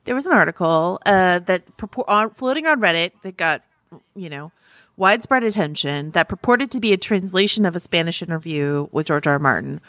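A woman co-hosting a podcast in casual chat, animated and chatty, laughing often as she reads listener reviews. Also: low voice, no echo. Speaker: podcast co-host.

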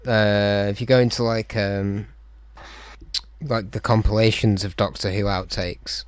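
A somewhat low-voiced man chatting casually with friends, pausing often on fillers as he gathers his thoughts. His voice is recorded dry and close. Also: flat delivery, no echo. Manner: hesitant, with many fillers. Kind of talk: casual group chat.

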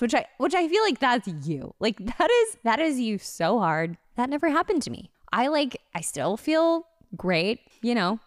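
A woman's voice: on the high side, very animated, normal speed, hardly any pauses, dry recording, studio quality. A young woman from Connecticut, a personal trainer co-hosting a podcast, chatting playfully and teasing with frequent laughs. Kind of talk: casual chat.

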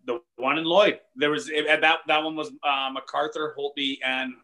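A man, a comedian, telling casual, profane anecdotes with laughs in a relaxed chat. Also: on the high side, moderate pace. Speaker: comedian guest.

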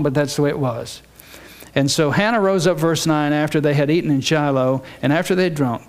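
An older man preaching a sermon, reading scripture and telling stories with humorous asides. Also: fairly high pitch. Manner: folksy storytelling with humorous asides. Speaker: pastor.

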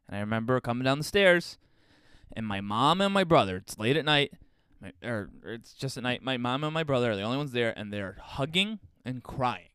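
A man's voice: mid-range voice, clear, resonant tone, no room sound, studio quality. A man in his thirties co-hosting a podcast, telling stories in casual chat and laughing often. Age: 30s. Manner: animated storytelling, laughs often, bursts of sung drum beats. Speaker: podcast co-host.

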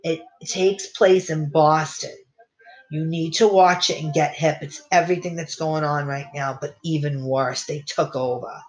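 A woman's voice: deep voice, steady tone, a little slow, rough recording. A woman in her thirties hosting a podcast, ranting to listeners in a fiery, profane, rambling way with many restarts. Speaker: podcast host. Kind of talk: casual profane rant to listeners.

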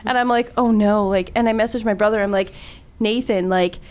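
A woman's voice: mid-range voice, fairly even intonation, fairly quick. A woman in her thirties co-hosting a radio show, telling a story in casual studio chat and laughing often into a studio mic. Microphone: studio microphone.

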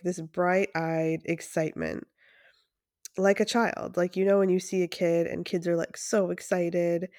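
A woman's voice: fairly low pitch, darkish tone, no room sound. Chatty, enthusiastic woman podcaster, dry close sound. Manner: enthusiastic, chatty, frequent fillers and restarts. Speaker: podcast host and breathwork facilitator. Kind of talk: casual solo podcast monologue.

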